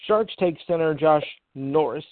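A man's voice: a little high, unhurried, no echo. A man hosting a casual sports show, reading draft picks and tripping over hard names with offhand asides. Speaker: podcast host reading sports news. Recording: tinny phone line.

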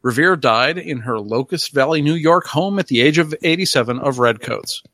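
A man co-hosting a podcast, reading out trivia notes and slipping in deadpan gags. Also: on the high side, moderate pace, no echo. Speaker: podcast co-host. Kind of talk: reading notes in casual chat.

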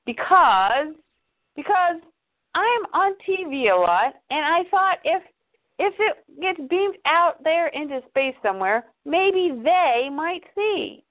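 Woman voicing a hot-headed young hero man, pleading and shouty. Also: high voice, animated, slow pace, voice pushed up. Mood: earnest. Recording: tinny phone-like line.

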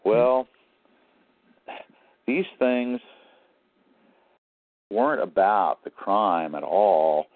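A man's voice: fairly low pitch, expressive, drawn-out words, pauses often, dry recording. A man as an interview guest, telling his story in a rambling, aggrieved way. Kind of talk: phone-in interview. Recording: tinny phone line.

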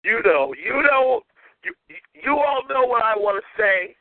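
A man's voice: very high-pitched, lively intonation, measured pace, no room sound. A man hosting a call-in talk show, ranting in an irate, repetitive way and trailing off mid-insult. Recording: tinny phone line.

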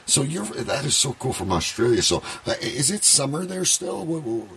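Excitable stammering radio host man. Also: medium pitch, normal speed, vocal fry, a little hiss or hum. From Canada. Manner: rambling, stammering restarts, excitable. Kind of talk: casual live radio chat.

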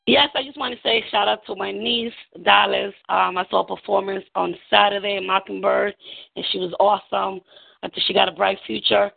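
A woman's voice: medium pitch, steady tone, a little fast, gravelly, slightly rough. A woman with a New York accent calling in to a radio show, proud and supportive. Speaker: caller. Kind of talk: call-in shout-out. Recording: tinny phone-line call.

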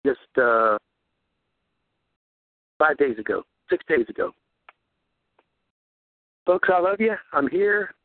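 A man hosting a radio show, preaching in a fervent, repetitive ramble and rising high on rhetorical questions. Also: big pitch swings, slow, pauses often, no echo. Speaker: radio host. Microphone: handheld recorder. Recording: tinny phone-like radio audio.

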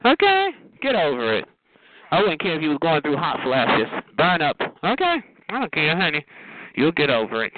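A man's voice: fairly high pitch, wildly swooping pitch, normal speed, dry recording. A man on a phone call, taunting and mocking the other person in a sassy, profane rant. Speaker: caller on a phone recording. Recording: noisy tinny phone line.

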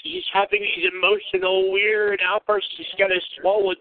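High, flat-voiced man, wry and mocking. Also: moderate pace. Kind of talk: political talk. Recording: tinny phone-line audio.

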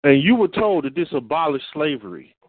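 A man preaching in an emphatic lecturing style, repeating lines slowly for stress. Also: fairly high pitch, very animated, dry recording. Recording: tinny phone-like audio.

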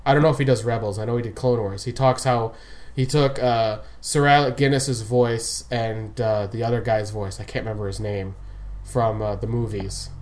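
A man's voice: lowish voice, steady tone, moderate pace, a little mellow. A man co-hosting a casual podcast chat, rambling and laughing often, trailing off mid-sentence. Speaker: podcast co-host. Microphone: remote call. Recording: remote call audio.

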